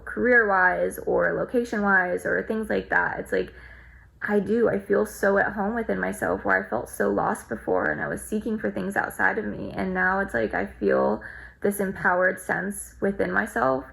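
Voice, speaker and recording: A woman's voice: medium pitch, creaky, a bit bright, poor audio. A woman vlogger sharing a personal experience in a reflective, heartfelt way, with lots of "like" fillers. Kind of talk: personal storytelling to camera.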